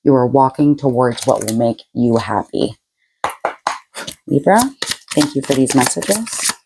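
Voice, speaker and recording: A woman's voice: very deep voice, lively intonation, measured pace, gravelly, background noise. A woman giving a casual tarot reading to her viewers, chatty and frank, laughing often and using blunt slang. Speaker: tarot reader.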